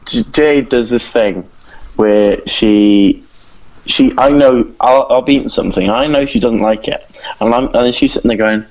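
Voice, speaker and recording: A man's voice: mid-range voice, moderate pace, a little mellow. A man chatting on a podcast, often restarting his sentences and putting on voices for the people in his stories. His recording sounds a little dull and lo-fi. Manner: stumbling restarts, acts out quoted voices. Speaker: podcast co-host. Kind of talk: casual chat.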